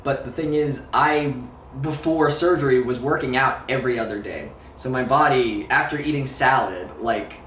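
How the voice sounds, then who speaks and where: A man's voice: medium pitch, normal speed, a bit bright, a little hiss or hum. Guy rambling on his vlog, swears a lot, jokes at himself, sounds a bit far from the mic in an echoey room. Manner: rambling, profane and self-mocking, laughs often. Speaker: vlogger. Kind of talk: casual recovery vlog chat. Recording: roomy sound, away from the mic, faint ambience.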